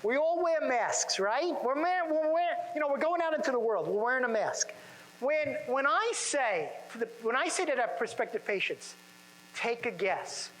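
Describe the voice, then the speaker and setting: A man speaking to chiropractors at a seminar in a conference room, energetic and full of rhetorical questions to the audience. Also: very high-pitched, normal speed, in a large hall, a little hiss or hum, poor audio. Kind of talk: motivational seminar talk.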